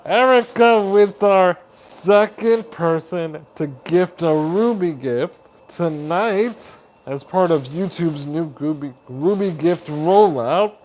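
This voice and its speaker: A man hosting a live stream chat. He reads viewer comments aloud, greets people warmly by name as buddy and honey, and laughs often. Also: a little high, animated, moderate pace. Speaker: livestream host.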